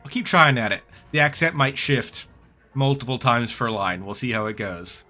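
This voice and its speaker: A man's voice: medium pitch, moderate pace, bright, forceful tone, faint music behind. A man casually commenting while he plays a video game, chatty and self-mocking. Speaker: game streamer.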